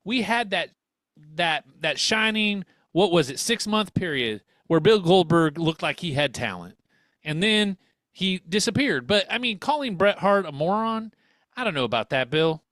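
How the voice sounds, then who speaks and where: A man's voice: high voice, sing-song, normal speed, fairly bright tone, no echo, studio quality. A man co-hosting a wrestling radio show in casual comedic banter, given to exaggerated rants.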